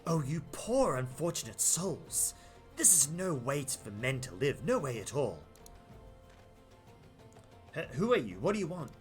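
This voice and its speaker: A jittery male merchant from a fantasy game, begging and over-explaining in a voice that leaps up and down in pitch. The Australian accent shows through, since an Australian man voices him while reading along, and his voice sits a little higher than most men's. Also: big pitch swings, a little slow, pauses often, soft background music. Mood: solemn. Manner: read-aloud game dialogue, pleading, melodramatic. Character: nervous male desert merchant, pleading and fearful.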